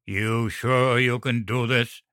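A man's voice: medium pitch, steady tone, slow, bright, forceful tone, clear, resonant tone, no echo, clean studio sound. Moses, a snarling brutal biker, voiced by a man. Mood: gasping. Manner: snarling, profane threats. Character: brutal foul-mouthed male biker, menacing adult.

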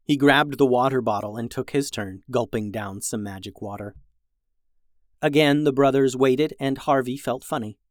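A children's story podcast host reading a story aloud in a lively way, changing pitch for the characters. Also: moderate pace, no room sound, clean studio sound.

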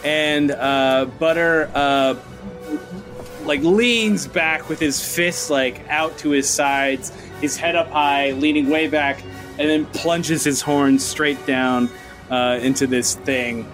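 A man's voice: a little high, steady tone, slow, fairly bright tone, faint music behind. A man playing a tabletop game, describing his character's actions with hesitations and stammers. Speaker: player. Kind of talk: tabletop role-play.

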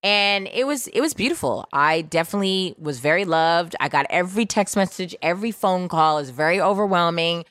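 A woman's voice: lowish voice, expressive, a little fast, few pauses, fairly bright tone, dry recording. A woman in her thirties hosting a podcast in casual chat, playful and brash, swearing freely. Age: 30s. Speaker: podcast host.

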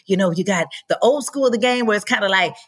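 A woman actress talking casually in an interview, animated and acting out the voices she quotes. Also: mid-range voice, fast, slightly rough. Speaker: actress guest.

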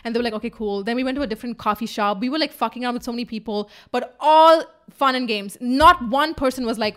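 A young woman co-hosting a podcast, telling a story in a loose, animated way, swearing freely and acting out what people said. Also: a little high, fast, hardly any pauses. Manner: animated, swearing, acts out quotes. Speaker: podcast co-host. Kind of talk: casual storytelling chat.

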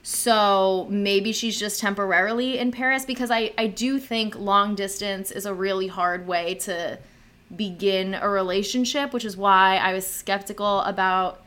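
Young female co-host, animated and skeptical, loose casual chat. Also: mid-range voice, unhurried. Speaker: podcast co-host.

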